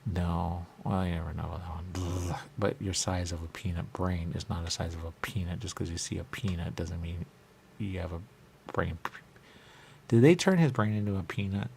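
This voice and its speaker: Low, gravelly-voiced radio host. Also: male voice, moderate pace, darkish tone, slight background noise. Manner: rambling, repetitive wordplay. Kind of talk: loose comedic studio banter. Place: radio studio.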